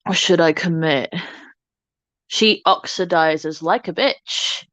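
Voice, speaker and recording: A woman's voice: on the low side, slow, fairly bright tone, no room sound, poor audio. A woman hosting a casual makeup livestream, chatting to her viewers in a self-mocking way while she works. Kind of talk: casual makeup tutorial chat.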